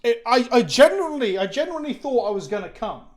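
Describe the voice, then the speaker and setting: A man's voice: very high-pitched, very animated, fast talker. A tired English man chatting casually to his stream viewers, rambling and self-deprecating. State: tired, sluggish. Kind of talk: casual live stream chat.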